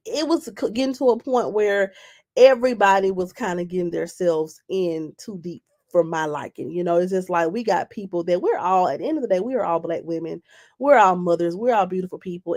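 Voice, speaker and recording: Chatty woman live-streaming with a cold. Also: medium pitch. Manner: animated, chatty, repeats phrases, greets viewers by name. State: has a cold. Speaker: YouTuber live-streaming to her audience. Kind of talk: casual live-stream chat.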